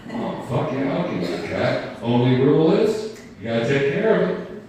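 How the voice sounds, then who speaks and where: A man's voice: a little high, sing-song, normal speed, darkish tone, a little hiss or hum. A man doing a stand-up set, rambling and self-deprecating as he banters with the crowd. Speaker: stand-up comedian. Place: live comedy venue. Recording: roomy, distant live room recording.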